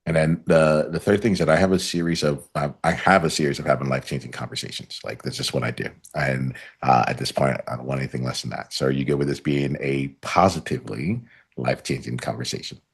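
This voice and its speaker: A man's voice: extremely low pitch, fairly even intonation, fast talker, breathy edge. A man hosting a coaching podcast, talking in a rambling way with many fillers and restarts. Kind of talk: conversational coaching session.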